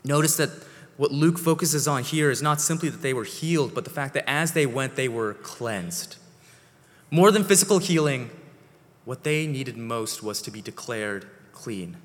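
A man preaching a sermon as pastor, slow and deliberate, his phrases sinking soft at the ends. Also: mid-range voice. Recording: long hall reverb.

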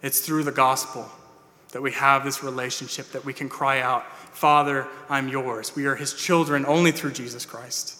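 A man's voice: mid-range voice, steady tone, normal speed, sharp tone. A man preaching a sermon as pastor to his church, earnest and plain-spoken, with "uh"s and restarts. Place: church sanctuary. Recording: long hall reverb.

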